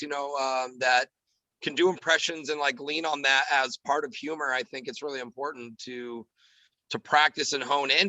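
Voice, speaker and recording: Giggly comedian man, bright and dry. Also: a little high, no room sound, poor audio. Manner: giggly, talks fast with many fillers. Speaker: podcast guest, radio show comedian. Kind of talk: casual podcast chat.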